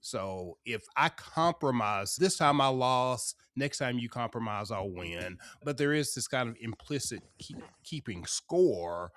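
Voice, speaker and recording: A man's voice: mid-range voice, animated, measured pace, few pauses, fairly bright tone, dry recording. A man hosting a podcast interview, asking thoughtful, searching questions. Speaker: podcast host. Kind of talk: interview conversation.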